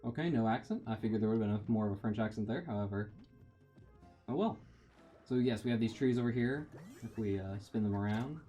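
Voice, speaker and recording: While playing a video game, this man keeps up rambling, self-deprecating let's play chatter over faint game music. He talks a little fast in a fairly low, dark-toned voice with lively intonation.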